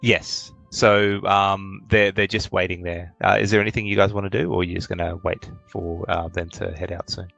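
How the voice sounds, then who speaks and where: Man, game master, low gravelly voice, hesitant narration. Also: flat delivery, normal speed, few pauses, a bit bright, dry recording, soft background music, rough recording. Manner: hesitant, many fillers.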